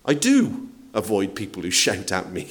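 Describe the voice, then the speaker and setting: Lively male preacher. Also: low-pitched, normal speed. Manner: conversational preaching with rhetorical questions and acted-out quotes. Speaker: pastor. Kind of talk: sermon.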